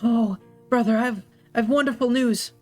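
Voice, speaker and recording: Brief: game master doing a young woman cleric, the hero's sister, earnest, a bit halting, mid-pitched, faint music underneath. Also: a little mellow, natural voice. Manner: halting, repeats words as she speaks.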